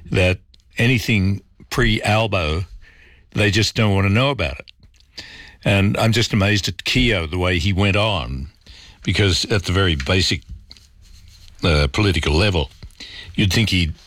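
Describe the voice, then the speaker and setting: A man's voice: low voice, a bit bright, no echo, clean studio sound. A man hosting talkback radio, reading out listener messages and answering them in a casual, musing way with plenty of ums and uhs. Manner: reads texts aloud, then replies casually with fillers.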